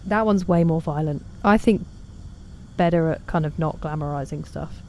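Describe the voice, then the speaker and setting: A woman's voice: low-pitched, moderate pace, warm tone, slight background noise. A woman chatting casually while streaming a game, reading and answering chat in a self-deprecating way.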